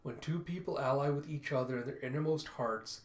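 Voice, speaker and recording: A man voicing a solemn wolf goddess, speaking slowly and ceremonially, with roomy echo. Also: mid-range voice, natural voice. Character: solemn wolf goddess presiding over a ritual.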